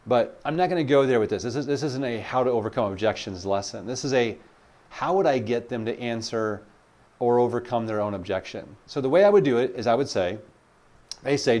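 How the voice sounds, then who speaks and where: A male sales coach talks straight to his viewers in a relaxed teaching monologue. His voice sits at an ordinary middle pitch. He slips into quoted client lines and keeps a loose, filler-dotted delivery. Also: a little fast. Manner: conversational, acts out client dialogues, frequent fillers.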